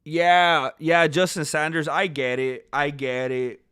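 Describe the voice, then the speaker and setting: A male YouTuber casually chatting on a livestream and reading viewer comments, shifting from calm musing to loud disbelief. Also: a little high, slow, clean tone, dry recording, studio quality. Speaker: MMA news YouTuber.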